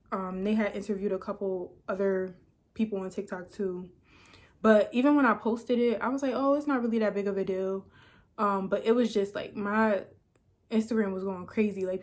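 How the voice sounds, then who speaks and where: Woman content creator, 30s, casual chatty vlog delivery, emotional and upbeat. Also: mid-range voice. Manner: excited, emotional, chatty with fillers.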